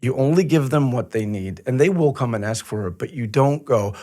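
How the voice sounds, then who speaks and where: A man's voice: mid-range voice, very animated, fairly quick, few pauses, darkish tone. A man hosting a casual podcast, talking in a chatty storytelling way and acting out quoted back-and-forth. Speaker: podcast host.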